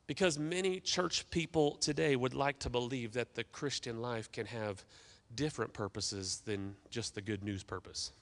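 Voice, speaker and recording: A man's voice: medium pitch, moderate pace, fairly bright tone. A man preaching a sermon as pastor, emphatic, with call-and-response asides to the congregation. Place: church sanctuary.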